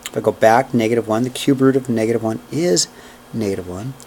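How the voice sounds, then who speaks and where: A man's voice: medium pitch, fairly quick, darkish tone, slight background noise. A man teaching a math class in a classroom, walking through each step aloud and checking in with "okay?" and "right?". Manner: counts out steps aloud while working. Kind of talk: classroom lecture.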